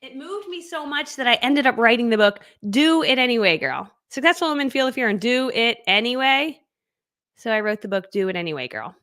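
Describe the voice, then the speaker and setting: A woman's voice: on the high side, sing-song, fairly quick, fairly bright tone, no room sound, clean studio sound. A middle-aged woman coaching in network marketing, telling her story in a bubbly, chatty way, laughing often and acting out other people's voices. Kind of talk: casual storytelling to camera. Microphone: webcam.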